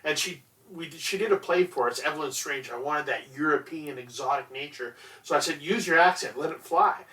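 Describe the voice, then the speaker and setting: A man, a theater director, hosting an interview and talking in a relaxed, reflective way about acting. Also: a little high, fairly quick, far from the mic. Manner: relaxed, reflective, frequent uh fillers. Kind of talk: casual interview chat.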